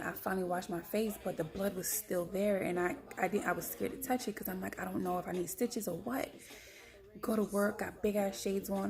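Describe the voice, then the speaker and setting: Gravelly-voiced woman telling her story bluntly. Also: mid-range voice. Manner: animated, blunt, swears freely, acts out others' lines. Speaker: storyteller recounting her own experience. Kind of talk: candid personal storytelling to camera.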